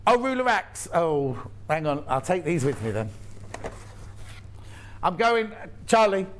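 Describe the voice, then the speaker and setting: High-pitched guy doing live shopping telly, chatty and rambly, cracks little jokes. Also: big pitch swings, slow, a little hiss or hum. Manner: chatty, rambling, jokey asides. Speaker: shopping channel presenter. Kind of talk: live TV sales chat. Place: TV studio.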